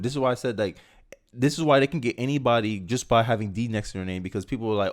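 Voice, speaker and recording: A young man with a fairly low voice reads news lines aloud, then breaks off into animated, conversational commentary. He slips now and then into mocking voices while he riffs. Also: fast. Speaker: political commentary host. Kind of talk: casual political commentary, reading news aloud and reacting.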